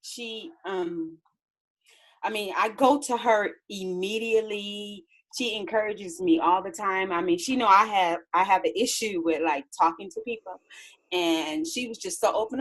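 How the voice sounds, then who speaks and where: A woman's voice: mid-range voice, a little slow, rough recording. A woman calling in, speaking hesitantly and affectionately. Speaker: caller. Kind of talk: casual chat.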